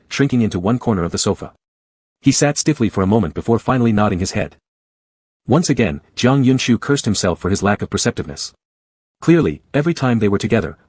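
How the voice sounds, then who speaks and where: Male narrator for a story read-through, low, husky, dry close sound. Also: darkish tone, dry recording.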